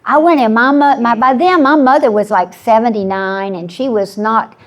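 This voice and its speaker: A woman's voice: on the high side, moderate pace. Woman in her seventies telling a story. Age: 70s. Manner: earnest storytelling with frequent restarts. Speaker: panelist. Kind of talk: personal testimony on a panel.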